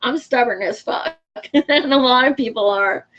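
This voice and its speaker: A woman's voice: fairly high pitch, a little slow, lo-fi sound. A woman hosting a show and chatting casually with her viewers, frank and talkative, laughing often and swearing freely. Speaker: show host. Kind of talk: casual livestream chat answering viewer comments.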